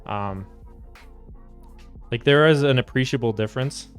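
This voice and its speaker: A man's voice: medium pitch, normal speed, smooth, soft background music. A young American man chatting casually with his stream chat while he builds a keyboard. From United States. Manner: relaxed, chatty, reads and answers chat.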